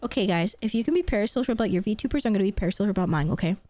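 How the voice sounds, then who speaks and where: A young woman streamer chatting casually on a live stream, gushing and excitable, laughing often and swearing freely. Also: mid-range voice, rapid-fire, no room sound.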